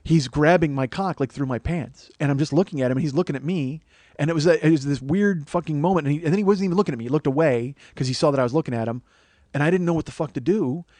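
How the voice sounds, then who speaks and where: A man in his forties, a podcast host, telling a story in a profane, rambling way full of halting restarts. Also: fairly high pitch, darkish tone, dry recording. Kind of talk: comic storytelling monologue.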